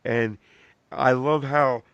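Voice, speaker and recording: A man hosting a casual podcast chat, loose and profane, tossing out quick questions. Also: mid-range voice, steady tone, creaky, fairly bright tone, dry recording, dull audio. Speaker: podcast host.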